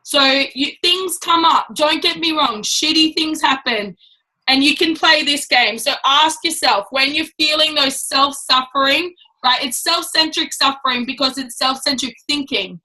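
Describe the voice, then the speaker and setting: A woman's voice: high voice, unhurried, sharp tone, low-quality recording. A woman giving a casual, blunt and chatty training talk to a business team. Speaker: network marketing trainer.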